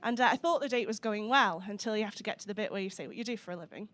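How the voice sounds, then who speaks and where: A young woman from the Scottish Highlands with a soft Highland accent, performing a dry, sweary stand-up comedy set on a club stage. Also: rapid-fire. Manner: dry, sweary, sardonic delivery.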